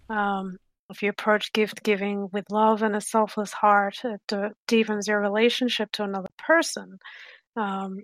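A woman's voice: medium pitch, a bit bright, no room sound. A woman co-hosting a podcast, steadily explaining a short text in casual chat. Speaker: podcast co-host.

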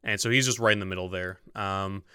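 Man as game master, bright crisp voice, dry close sound, lots of ums. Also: sits low, a little fast, no echo. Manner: relaxed, lots of ums and restarts, explains rules. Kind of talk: running a tabletop game over voice chat.

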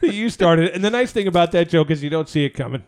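A man's voice: fairly high pitch, lively intonation, quick pace, a little mellow. A man co-hosting a casual podcast, telling a long crude joke with many stumbles and fillers. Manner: rambling, crude, stumbles over setups. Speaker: podcast co-host.

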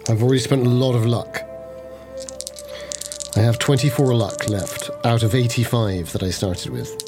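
A man playing a tabletop game, excitable and animated as he rolls dice and talks in character. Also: medium pitch, normal speed, over music. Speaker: player.

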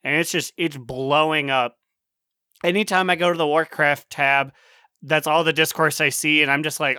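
A man co-hosting a casual gaming chat, animated and quick to laugh. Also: fairly high pitch, clean tone, no echo, clean studio sound. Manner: animated, laughs often, slips into mock voices. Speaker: podcast co-host.

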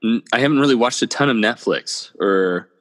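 A man's voice: mid-range voice, moderate pace. A man chatting casually as a podcast co-host, laid-back and swearing freely. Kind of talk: casual chat. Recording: long reverb.

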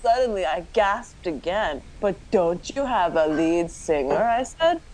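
A woman's voice: lowish voice, sing-song, a little slow, noisy background. A woman podcast host doing a comic dramatic reading of a story, often breaking into laughter as she reads.

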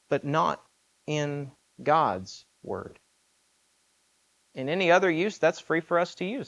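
A man's voice: fairly high pitch, fairly bright tone, dull audio. A man preaching a sermon in an earnest, emphatic way, asking rhetorical questions.

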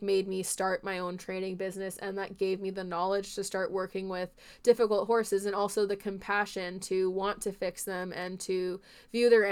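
A woman with a smooth, clear voice talks through a casual podcast monologue. She rambles earnestly and leans on filler words as she hosts the show. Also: medium pitch. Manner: rambling, heartfelt, filler-heavy speech. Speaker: podcast host and horse trainer.

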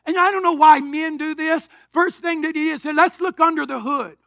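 A man, preaching a sermon in a church, animated storytelling that swings from shouts to quiet asides. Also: very high voice, normal speed, gravelly, dry recording. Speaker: pastor. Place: church sanctuary.

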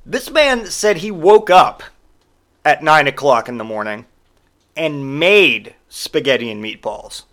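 Exasperated, bright-voiced male podcast host. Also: a little high, expressive, a little slow. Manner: exasperated, sarcastic, swears freely. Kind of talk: casual storytelling monologue.

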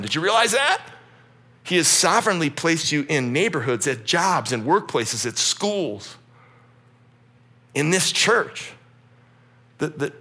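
Forties pastor preaching, jokey and animated, bright punchy voice. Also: male voice, a little high, husky. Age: 40s. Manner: animated, humorous, acts out quotes. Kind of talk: sermon. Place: church.

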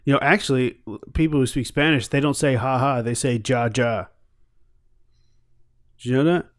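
A man's voice: medium pitch, fast. A man co-hosting a casual chat, joking, swearing freely and laughing easily.

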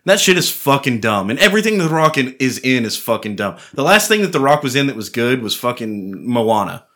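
A man co-hosting a podcast in casual chat, animated and profane, laughing often. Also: mid-range voice, a little fast. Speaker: podcast co-host.

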